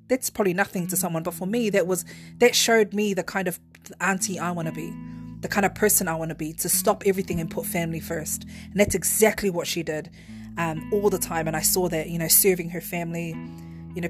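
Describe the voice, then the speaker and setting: A woman hosting a podcast, telling personal memories in a rambling, heartfelt monologue. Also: lowish voice. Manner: rambling, heartfelt, restarts often. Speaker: podcast host.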